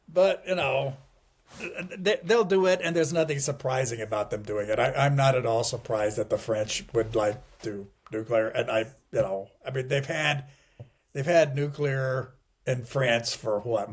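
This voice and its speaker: A man's voice: mid-range voice, a little slow. Rambling, wry middle-aged man. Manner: rambling, digressive, frequent restarts and "you know"; wry, chuckles at grim points. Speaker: guest. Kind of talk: casual conversational interview.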